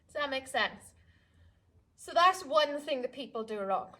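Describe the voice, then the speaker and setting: A woman's voice: high voice, lively intonation, measured pace, bright, forceful tone. A woman dog trainer explaining recall step by step, stopping now and then to call and praise her dogs. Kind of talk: outdoor training demonstration.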